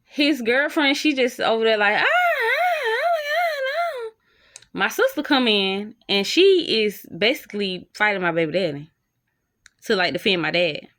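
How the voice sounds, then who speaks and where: A young woman, telling a casual storytime straight to her viewers in an animated, slang-filled way. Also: mid-range voice, normal speed. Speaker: storytime vlogger.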